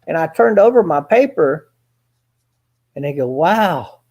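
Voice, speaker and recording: At a measured pace, a man with a voice on the high side and lively intonation spins a long, rambling personal tale as a guest. Folksy and occasionally profane, he performs each quoted line, and the highs are cut off in the recording.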